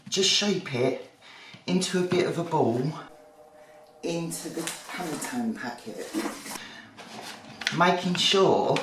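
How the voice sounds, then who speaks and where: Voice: mid-range voice, slight background noise. A home baker demonstrating a recipe in a kitchen, chatting and poking fun at their own mistakes with the odd um. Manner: chatty and self-deprecating, thinking aloud with ums. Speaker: home baking presenter. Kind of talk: casual cooking demonstration. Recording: roomy kitchen, mic at a distance.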